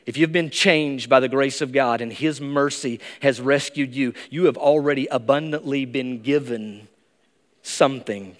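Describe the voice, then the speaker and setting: Preaching man in an echoing church. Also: moderate pace. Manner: emphatic, rises to high excited bursts. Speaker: pastor. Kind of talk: sermon. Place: church sanctuary. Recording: long reverb of a church hall.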